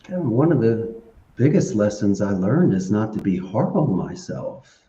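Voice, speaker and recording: A man giving animated, story-filled interview answers and laughing often. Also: fairly low pitch, moderate pace, a little hiss or hum. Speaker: podcast guest. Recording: echoey, dull lo-fi sound.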